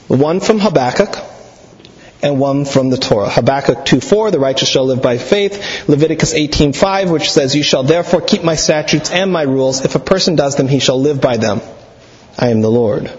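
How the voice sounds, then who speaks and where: A man preaching a sermon, teaching deliberately, quoting scripture and slowing down on key words. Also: fairly high pitch. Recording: echoey hall, dull sound.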